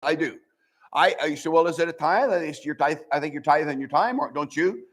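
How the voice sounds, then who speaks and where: Older pastor preaching, earnest and folksy. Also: male voice, fairly high pitch, brisk. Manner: folksy, earnest preaching with many restarts and scripture quotes. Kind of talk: sermon. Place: church sanctuary.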